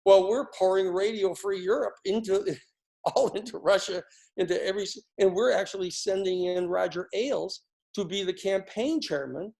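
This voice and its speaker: An older man from the United States offers sarcastic, meandering spoken commentary on politics, stumbling through fillers and restarted sentences. His voice sits high, sounds creaky and a little mellow, and moves at a normal speed.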